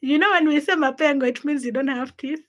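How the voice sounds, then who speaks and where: A woman's voice: high-pitched, fast talker. A young woman hosting a livestream, chatting casually, laughing often and greeting viewers by name as she tells stories. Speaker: livestream host.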